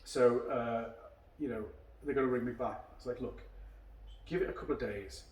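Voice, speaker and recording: A man's voice: mid-range voice, moderate pace, darkish tone. Man telling long stories in an echoey room. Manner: long rambling anecdotes, acting out quoted dialogue. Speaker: karate instructor and podcast host. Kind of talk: casual chat over a beer. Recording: echoey room, mic at a distance.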